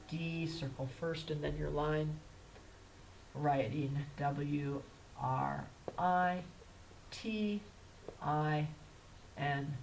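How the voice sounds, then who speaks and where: A woman kindergarten teacher with a low voice takes her handwriting class through each letter step by step. She is gentle and patient and speaks in an unhurried way that leaves room for small children to follow. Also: a little hiss or hum, poor audio. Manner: patient, spells words out letter by letter; gentle, instructive. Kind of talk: handwriting lesson.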